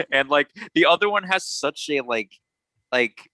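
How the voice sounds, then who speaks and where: A man co-hosting a casual movie discussion podcast, animated and full of fillers, often breaking into squeaky impressions. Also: a little slow, slight background noise. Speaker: podcast co-host.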